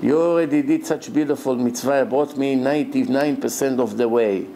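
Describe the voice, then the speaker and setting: A man voicing a stubborn old man who keeps pushing for more and grows angry, with a gravelly edge. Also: medium pitch, moderate pace, dark tone, a little hiss or hum, close to an everyday voice, low-quality recording. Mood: insistent. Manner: insistent, complaining, later furious.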